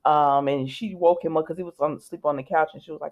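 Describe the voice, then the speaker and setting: A woman's voice: low-pitched, fairly even intonation, fast, darkish tone, dull audio. Woman vlogger, casual rambling recap, full of asides and restarts. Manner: rambling, many fillers and restarts, chatty asides. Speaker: soap opera recap vlogger.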